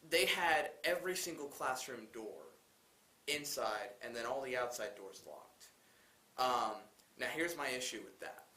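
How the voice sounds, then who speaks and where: A man's voice: mid-range voice, animated, a little slow, bright, forceful tone, reverberant. A young man co-hosting a college talk show, hesitant and self-correcting as he explains. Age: young adult. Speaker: co-host. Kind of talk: casual talk-show commentary.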